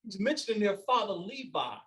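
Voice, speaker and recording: A man's voice: high-pitched, sing-song, fairly quick, a bit bright, rough recording. A man preaching and teaching scripture, emphatic and scolding, repeating his points and firing rhetorical questions. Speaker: teacher leading a scripture study. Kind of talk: fiery preaching and Bible teaching.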